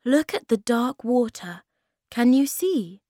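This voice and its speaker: A woman voicing a calm young wanderer in a storybook, speaking softly and steadily. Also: fairly high pitch, slow, dry recording, clean studio sound, pitched above the performer's own voice. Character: calm, wandering young man, quietly wise.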